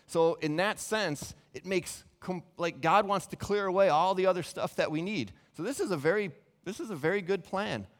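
A man's voice: on the high side, in a large hall. A man giving a Bible teaching sermon, earnest and explanatory, often restarting his sentences. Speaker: preacher.

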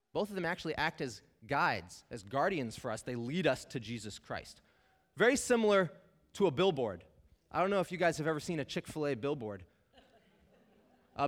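A man's voice: fairly high pitch, a bit bright. A man preaching a sermon, emphatic and conversational, talking straight to the listeners. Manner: emphatic, conversational, addresses listeners as "you guys". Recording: long hall reverb.

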